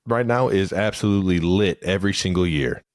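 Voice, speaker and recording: A man from Cleveland with a low voice, co-hosting a podcast in loose, laughing banter. He swears freely and often trails off mid-sentence. The sound is dry and close, with no room echo. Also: a little fast. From Cleveland, Ohio. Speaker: podcast co-host. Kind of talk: casual chat.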